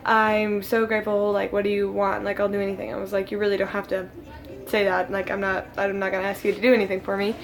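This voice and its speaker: A woman's voice: mid-range voice, completely flat delivery, quick pace, a little hiss or hum. A teenage girl telling a story to camera at a friend's home, rambling with lots of "like" fillers and laughing. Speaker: vlogger. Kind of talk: casual storytime.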